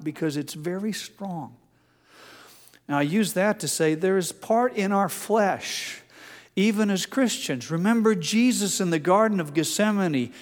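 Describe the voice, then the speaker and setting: A man preaching in a slightly higher-than-usual voice, talking plainly and using everyday anecdotes. He sometimes drops into a soft, hushed emphasis. A long reverb from a large church space trails behind his words. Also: unhurried. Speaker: pastor. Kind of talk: sermon.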